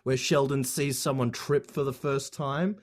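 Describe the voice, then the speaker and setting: A young man guesting on a podcast, chatting casually and joking, quick to laugh. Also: medium pitch, fairly even intonation. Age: young adult. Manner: laid-back, joking, laughs easily. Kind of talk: casual comedic chat.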